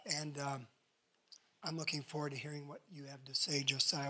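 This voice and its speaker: A man's voice: on the high side, little pitch movement, moderate pace, sharp tone. A man introducing a guest preacher in a church, welcoming the guest.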